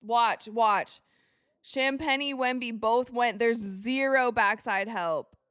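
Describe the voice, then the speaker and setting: A young woman hosting a live basketball watch party, calling plays excitedly and talking to her viewers. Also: a little high, takes it slowly, clean tone, no room sound, studio quality. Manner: excitable, reacts loudly to plays, talks to viewers as you guys. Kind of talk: live game commentary to chat.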